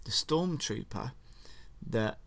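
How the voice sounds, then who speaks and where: A man casually retelling a film as a story to his child, relaxed and playful. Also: medium pitch, takes it slowly, gravelly.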